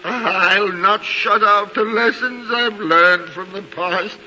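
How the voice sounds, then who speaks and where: A man's voice: high-pitched, slow, pushed and bright, exaggerated voice. An actor playing a frightened, pleading old miser in a 1940s radio drama, his voice broken and anguished. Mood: desperate. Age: older. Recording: dull, hissy 1949 radio broadcast.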